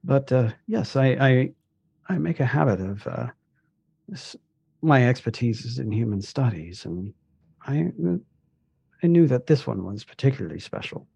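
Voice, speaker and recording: A man's voice: medium pitch, lively intonation, moderate pace, vocal fry, warm tone, slightly rough, dry recording, highs cut off. A man playing his character in a tabletop game, speaking politely and thoughtfully. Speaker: player. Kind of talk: in-character tabletop role-play.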